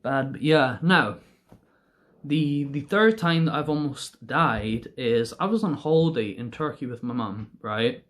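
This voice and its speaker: A man's voice: mid-range voice, measured pace, a bit bright. A young man casually telling stories to camera, rambling, giggling often and swearing freely. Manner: rambling and giggly, laughs through his own stories. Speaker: vlogger.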